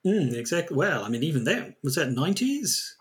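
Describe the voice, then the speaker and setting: A man's voice: a little high, big pitch swings, a little fast. A man co-hosting a podcast in casual chat, rambling and hesitant with frequent restarts. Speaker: podcast co-host.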